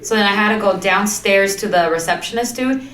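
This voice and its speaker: A woman's voice: mid-range voice, a little fast, fairly bright tone. Laughing young woman telling a story. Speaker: podcast co-host. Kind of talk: casual storytelling chat. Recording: roomy, off-mic sound.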